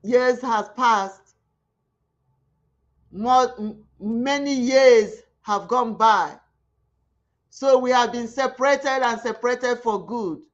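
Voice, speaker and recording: Woman, Nigerian Igbo accent, online host, impassioned appeal, high voice, slow deliberate delivery. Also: lo-fi sound. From southeastern Nigeria. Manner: pleading, emphatic, heavy repetition.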